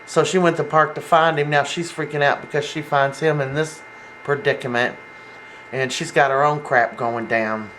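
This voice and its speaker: A chatty recapper talks through a soap episode in a loose, rambling way. The voice sits at an ordinary middle pitch and keeps stopping to act out the characters' lines. A faint hiss of noise sits under it. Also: steady tone, normal speed, a bit bright, rough recording. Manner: rambling, acts out quoted lines, many fillers.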